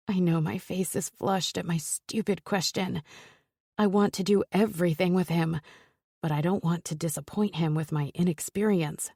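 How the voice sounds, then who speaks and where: A woman reads a first-person romance audiobook in a low, mellow voice with a breathy, husky edge. Her delivery is intimate and close, and the studio sound is completely dry. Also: steady tone, normal speed, no room sound. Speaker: audiobook narrator.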